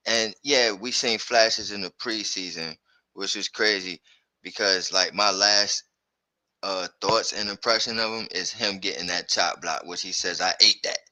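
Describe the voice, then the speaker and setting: A man hosting a sports podcast, talking loosely and excitedly with slang and fillers. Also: on the low side, unhurried, no room sound, rough recording. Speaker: podcast host. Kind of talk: casual sports chat.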